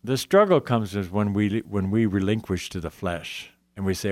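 A man's voice: on the low side, normal speed, no echo. A man earnestly telling his Christian testimony in a conversation, often quoting scripture. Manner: earnest, emotional, quotes scripture. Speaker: guest sharing testimony.

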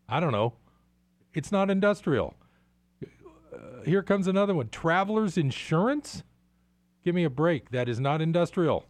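A man with a middle-pitched voice delivers exasperated, sarcastic commentary as a show host. The sound is dry and close, with no room around it. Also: sing-song, measured pace, no echo. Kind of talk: opinionated market commentary.

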